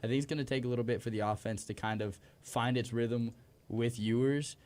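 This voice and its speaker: A young man co-hosting a college sports radio show, giving his picks in a relaxed, casual way. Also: medium pitch, brisk.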